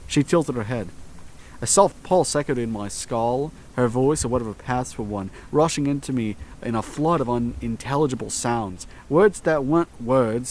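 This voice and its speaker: A man reading a first-person horror story aloud, in slow, tense scripted narration with dramatic pauses. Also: mid-range voice, a little mellow, slight background noise.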